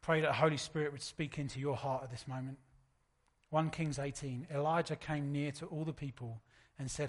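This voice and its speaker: A man, preaching a sermon in a relaxed, storytelling way. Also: on the high side, a little fast. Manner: conversational, anecdotal preaching. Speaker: pastor.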